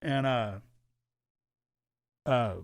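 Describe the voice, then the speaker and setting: A man's voice: medium pitch, drawn-out words, smooth, dry recording, studio quality. A middle-aged man telling a long personal story in casual podcast chat, acting out the dialogue and swearing freely. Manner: animated, acts out quoted dialogue, swears freely.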